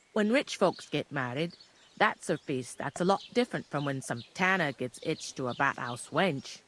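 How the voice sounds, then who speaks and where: An actress voicing a blunt, bossy village tavern keeper with a northern English accent and coarse rural dialect. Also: female voice, fairly low pitch, a bit bright, slight background noise. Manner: bossy, scolding. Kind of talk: video game voice acting.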